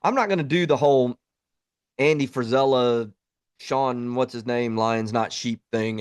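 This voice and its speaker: Man, blunt plainspoken talk, mid-pitched voice, dry close sound. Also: measured pace, clean tone, no echo. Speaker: podcast host, Army veteran. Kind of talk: reflective monologue.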